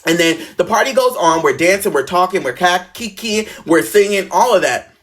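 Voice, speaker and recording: A man's voice: high voice, expressive, moderate pace, fairly bright tone. A young man casually telling a story from his childhood and acting out the voices of the people in it.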